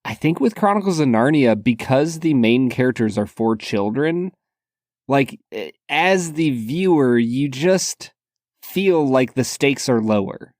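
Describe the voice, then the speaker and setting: A podcast co-host chats casually, rambling with plenty of fillers and restarts. His mid-range voice is a bit mellow, with lively intonation and an unhurried pace. The studio sound is clean, with no room sound.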